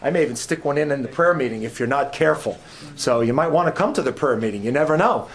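A man's voice: mid-range voice, lively intonation, fast talker. A man giving an informal sermon as a guest preacher in a church, chatty and joking, often repeating his phrases.

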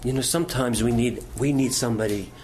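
A man's voice: mid-range voice, fast, noisy background. A middle-aged male pastor preaching a sermon, telling stories in a folksy way and asking the congregation questions.

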